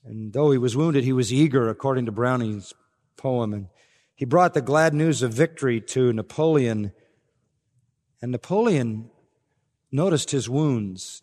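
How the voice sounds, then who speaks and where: A man's voice: mid-range voice, darkish tone. An older man preaching an expository sermon as pastor, rising to emphatic swells. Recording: long reverb of a large hall.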